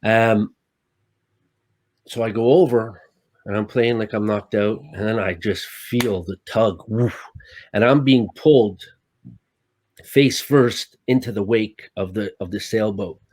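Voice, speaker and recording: A man who works as a stuntman, a guest telling stories in casual, animated talk, swearing often and acting out his own lines. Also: fairly low pitch, slow, pauses often, no echo. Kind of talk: casual storytelling.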